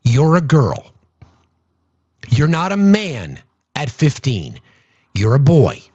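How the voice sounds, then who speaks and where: Indignant man, husky lo-fi commentary. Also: medium pitch, wildly swooping pitch, slow, dark tone, no room sound. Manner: indignant, rambling, many restarts. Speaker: political commentator. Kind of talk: casual political commentary.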